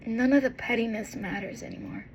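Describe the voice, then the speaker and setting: A woman giving a heartfelt, encouraging monologue as a vlogger, earnest and tender, with pauses and restarts. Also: fairly high pitch, a little hiss or hum, rough recording. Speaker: motivational vlogger.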